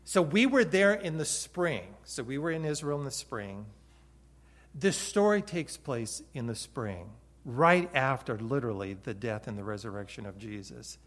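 A man preaching a sermon who retells the story vividly, swinging between loud emphasis and quiet moments. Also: mid-range voice, lively intonation, normal speed. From Hawaii. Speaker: pastor.

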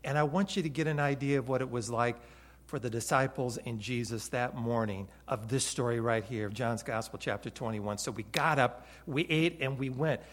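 A man preaching a sermon who retells the story vividly, swinging between loud emphasis and quiet moments. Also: medium pitch, normal speed. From Hawaii. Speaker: pastor.

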